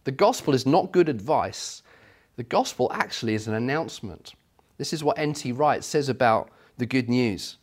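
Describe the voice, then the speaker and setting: A man's voice: medium pitch, normal speed. Man preaching a sermon. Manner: storytelling, animated, voices quotes.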